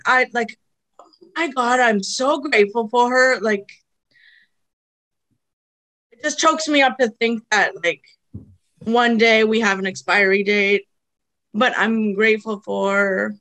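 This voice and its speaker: A woman's voice: a little high, pushed and bright. A woman from Canada, a podcast guest speaking in a heartfelt, emotional way in casual conversation.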